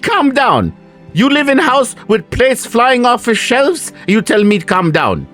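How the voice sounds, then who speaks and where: Man voicing a feisty pint-sized cottage woman, high and shrill, tabletop game. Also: big pitch swings, moderate pace, fairly bright tone, faint music behind. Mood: furious. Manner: shrill, scolding, defiant. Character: feisty small woman cottager, indignant, scolding.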